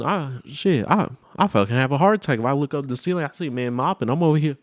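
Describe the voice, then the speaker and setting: A man's voice: medium pitch, expressive, fast, few pauses, no room sound, studio quality. A young man hosting a casual talk show, rambling through profane childhood stories and acting out the voices in them. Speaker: podcast host. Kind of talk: casual storytelling chat.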